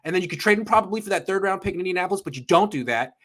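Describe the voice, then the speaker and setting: A man's voice: high-pitched, animated, very fast, fairly bright tone. A man hosting a sports podcast, ranting with profane, emphatic bursts in heated sports talk.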